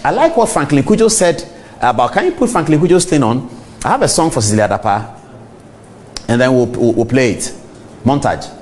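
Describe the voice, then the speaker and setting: Animated Ghanaian man hosting TV. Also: medium pitch, fairly quick, long pauses, slight background noise. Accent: Ghanaian English. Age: middle-aged. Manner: animated, talks straight to viewers. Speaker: TV talk show host. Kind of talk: on-air commentary.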